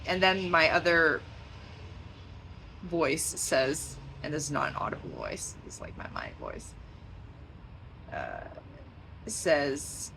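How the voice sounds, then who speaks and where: A woman's voice: sits low, gravelly, a bit bright, slight background noise, poor audio. A woman talking in a rambling, stream-of-consciousness vlog, drifting into tangents and laughing often. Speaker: vlogger.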